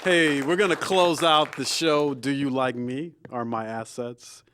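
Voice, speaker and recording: A man giving a relaxed sign-off as host at the end of a show. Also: mid-range voice, unhurried, clear, resonant tone. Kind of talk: closing announcement.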